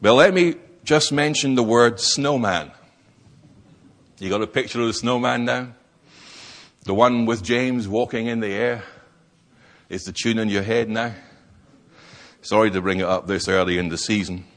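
A man's voice: lowish voice, moderate pace, pauses often, a bit bright. A man preaching a sermon, stressing key words and posing rhetorical questions.

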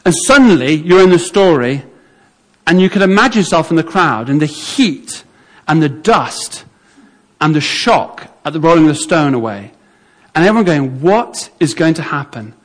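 A man with a notably high voice delivers a sermon. He tells the story vividly and acts out how the onlookers would have reacted. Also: expressive, moderate pace. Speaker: preacher.

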